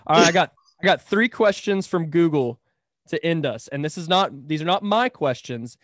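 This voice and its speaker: A man's voice: on the high side, lively intonation, moderate pace, no echo, studio quality. A man hosting a casual podcast interview, asking questions in an easygoing, upbeat way. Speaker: podcast host.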